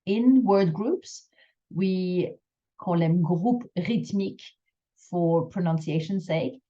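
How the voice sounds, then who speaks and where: A woman teaching French pronunciation in a recorded lesson, explaining slowly and carefully, drawing out her example phrases. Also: on the low side, mellow, dull audio.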